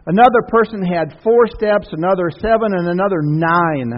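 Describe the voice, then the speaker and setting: This pastor's sermon, given in a church sanctuary, is folksy and chatty, with asides and questions directed at the congregation. He has a high voice and a moderate pace, and the audio is dull with a long church echo.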